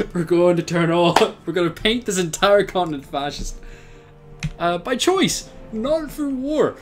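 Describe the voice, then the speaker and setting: A young Irish man giving casual let's-play commentary, thinking aloud, chatty and laughing often, with sudden bursts of excitement. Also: high voice. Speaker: game commentator.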